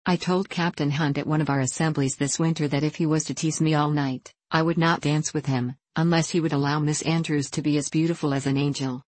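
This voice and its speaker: A gushing young lady from a storybook who heaps extravagant praise on her friends, as a woman reads her aloud. Her voice sits low for a woman and sounds close and dry. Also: steady tone, fairly quick, few pauses, a little mellow, no echo. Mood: effusive. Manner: effusive and gushing. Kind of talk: audiobook character reading.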